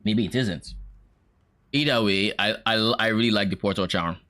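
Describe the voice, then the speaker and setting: Young male streamer, casual reaction talk, opinionated, hesitant restarts, lowish voice. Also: normal speed, bright, forceful tone, a little hiss or hum.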